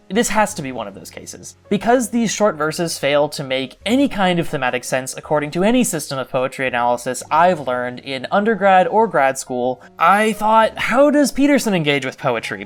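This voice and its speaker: A young man narrating a scripted video essay as a literary critic, with dry, wry asides. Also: a little high. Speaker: literary critic, club co-host.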